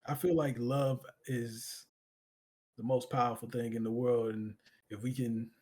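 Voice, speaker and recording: A man's voice: mid-range voice, level tone, a little slow, a little mellow. Earnest man talking from the heart. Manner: earnest, reflective, full of "you know" fillers. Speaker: streamer, guest. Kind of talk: casual heartfelt conversation.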